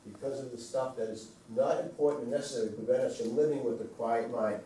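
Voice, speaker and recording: Speaking quickly in a steady, mellow, medium-pitched voice, this man presents a wellness talk to a small group. His manner is chatty; he poses questions to his listeners and goes over points again. Picked up from far off in a roomy space, the audio carries faint background noise.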